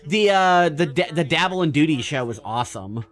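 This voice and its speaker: A man's voice: on the high side, fairly quick, faint music behind. A man streaming a game and chatting loosely with a friend on a voice call, with hesitant restarts. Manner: relaxed, hesitant, many "uh" and restarts. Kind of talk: casual voice-chat while gaming.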